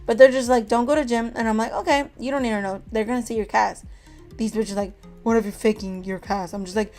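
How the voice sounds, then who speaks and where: A young woman vlogger telling a story in a casual, animated, profane way, acting out the people she quotes. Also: medium pitch, normal speed, faint music behind.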